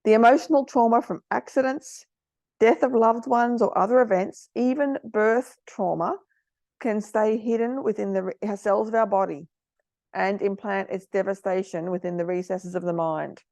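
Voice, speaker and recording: A middle-aged woman host talking earnestly to parents, sometimes moved to emotion, giving gentle advice. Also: medium pitch, moderate pace, no room sound. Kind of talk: casual product talk to parents.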